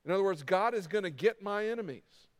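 A man's voice: high voice, expressive, brisk. A middle-aged man preaching a sermon as pastor, with emphatic repetition and acted-out quotes. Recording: long reverb of a large hall.

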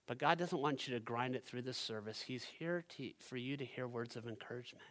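A male pastor preaching a sermon at a church service, talking straight to the congregation and swinging from loud, driving passages to hushed ones. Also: medium pitch, brisk. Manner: addresses the congregation directly.

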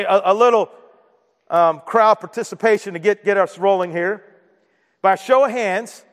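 A man preaching a sermon as pastor, talking to the room in a conversational way and often asking the congregation "right?". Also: sits high. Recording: long hall reverb.

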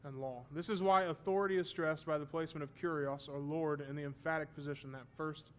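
A man's voice: fairly high pitch, steady tone, fairly quick, a bit bright. A man teaching a Bible study class, explaining terms and checking that his students follow, with the odd self-deprecating joke.

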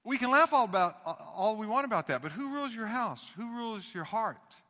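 A man preaching a sermon as pastor, talking conversationally and swinging between loud emphasis and hushed asides. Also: high voice, lively intonation, brisk, in a large hall.

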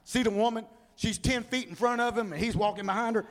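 A man preaching a humorous sermon, telling animated stories and acting out the people in them. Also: very high voice, fast. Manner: animated storytelling, acts out people.

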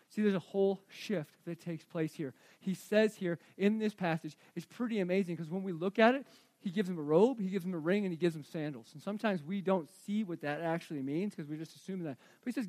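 A man in his forties, a pastor preaching a sermon, animated, swinging from hushed to loud. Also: sits high.

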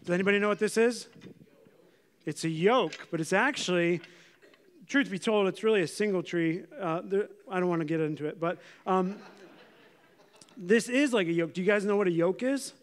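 High-voiced male pastor preaching. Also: moderate pace. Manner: conversational, uses props and questions the congregation. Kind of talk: sermon. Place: church.

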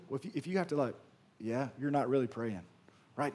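A man preaching a sermon as pastor, casual and conversational, swinging from loud emphasis to hushed, quiet lines. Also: mid-range voice, a little fast.

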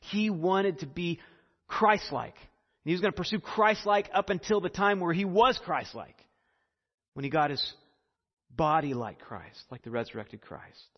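A man's voice: on the high side, animated, a little slow. Male pastor, earnest sermon delivery, church hall reverb, slightly muffled recording. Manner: earnest, building to emphasis, then hushed prayer.

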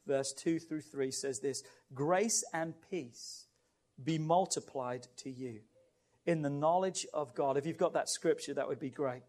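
A man preaching a sermon who reads scripture aloud, urges his congregation on, and builds to loud, impassioned climaxes. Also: on the high side, unhurried. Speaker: pastor.

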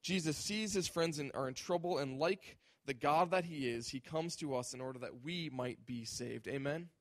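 A man's voice: on the high side, moderate pace, no room sound. A male pastor preaching a sermon with emphasis, often acting out imagined voices.

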